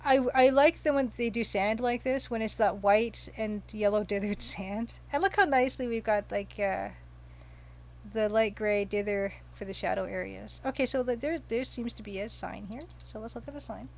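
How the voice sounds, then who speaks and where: A woman's voice: mid-range voice, moderate pace, gravelly. A woman casually commenting while streaming a retro game, chatting, reading viewer comments aloud and gushing over the pixel art.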